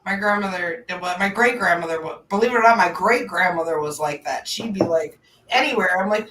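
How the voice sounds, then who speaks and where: A woman's voice: medium pitch, fairly quick, fairly bright tone, slight background noise. A woman guest on a casual podcast, chatty and using "like" often. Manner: chatty, lots of "like" fillers. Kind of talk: casual chat. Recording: echoey, distant from the mic, faint ambience.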